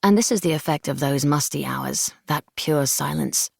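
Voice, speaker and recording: Woman narrating an audiobook in a gravelly voice. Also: deep voice, dry recording, studio quality. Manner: measured, hushed first-person storytelling. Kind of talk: scripted narration. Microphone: close studio mic.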